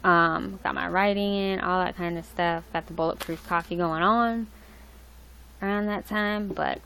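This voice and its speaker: Young woman livestream host, lowish gravelly voice, rambling casual chat. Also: steady tone, unhurried, bright, forceful tone, a little hiss or hum, low-quality recording. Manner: rambling, loose, with many fillers and restarts. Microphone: laptop mic.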